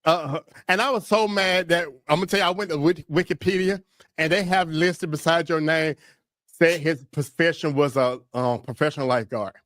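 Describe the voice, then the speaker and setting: A man hosting a casual interview, talking in a relaxed, colloquial, joking way. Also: fairly high pitch, normal speed, no echo, clean studio sound. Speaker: interview host.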